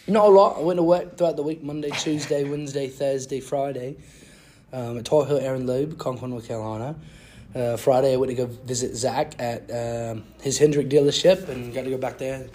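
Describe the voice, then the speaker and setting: A young man doing a playful, put-on British accent as a mock British gentleman, recapping his week like a sportscaster. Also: mid-range voice, steady tone, fairly quick, a little hiss or hum, lightly acted.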